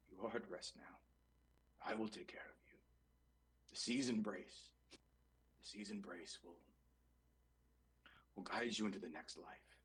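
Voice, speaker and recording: A man voicing a grieving male sailor, gruff but tender, speaking in halting whispers. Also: lowish voice, fairly bright tone.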